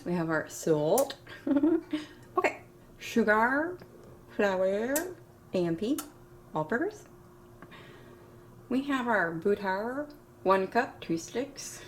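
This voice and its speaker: A woman's voice: mid-range voice, animated, slow, pauses often, slight background noise. A woman chatting casually to camera as a home baking vlogger, rambling and giggling often, folksy and self-deprecating with the odd mild curse, in a home kitchen.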